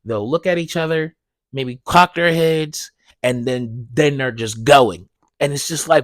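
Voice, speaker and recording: Profane ranting podcast host, dry sound. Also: male voice, measured pace, dry recording. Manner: profane, animated, gets loud and high when ranting. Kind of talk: casual ranting monologue.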